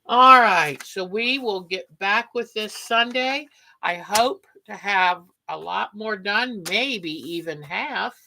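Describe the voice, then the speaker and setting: A woman's voice: medium pitch, slow, creaky, slight background noise, low-quality recording. A woman hosting a quilting livestream, chatting casually with viewers and greeting them by name. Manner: chatty, warm sign-offs, talks to viewers by name.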